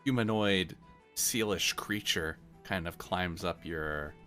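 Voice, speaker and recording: Deep-voiced, rambling game master. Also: male voice, slow, pushed and bright, soft background music. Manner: loose and rambling, full of fillers and hedges. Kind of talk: narrating a tabletop game.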